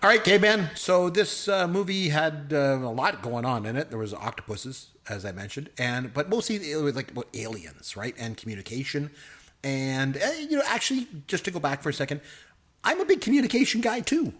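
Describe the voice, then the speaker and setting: A man's voice: mid-range voice, lively intonation, a little fast, fairly bright tone. A middle-aged man co-hosting a casual movie review podcast, joking and complaining with exaggerated gripes. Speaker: podcast co-host; professor.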